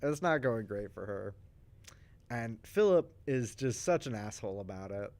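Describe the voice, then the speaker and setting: A man with a fairly low pitch chats casually on a stream, recapping soap opera plot twists with animated storytelling. He restarts often, makes frequent asides, and acts out the characters' lines in quick voices.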